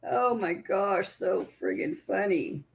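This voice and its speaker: A woman's voice: mid-range voice, slow, gravelly. A woman hosting a casual live stream, chatting with viewers and cooing at her puppy.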